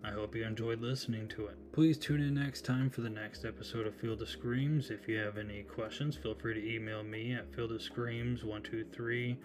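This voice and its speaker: Low, flat-voiced man hosting a podcast. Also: normal speed, hardly any pauses, noisy background. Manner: casual, chatty retelling with asides. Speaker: podcast host. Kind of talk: solo horror movie recap podcast.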